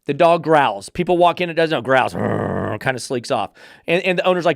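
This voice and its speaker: Male podcast host, dog trainer. Fired-up, sarcastic rant, slightly high voice, dry sound. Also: lively intonation, moderate pace, vocal fry, dry recording. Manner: swears freely.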